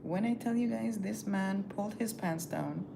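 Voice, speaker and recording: Gravelly woman telling a story. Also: medium pitch, normal speed, background noise. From Caribbean. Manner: animated, profane, chatty, acts out quotes. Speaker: livestreamer. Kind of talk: casual storytelling livestream.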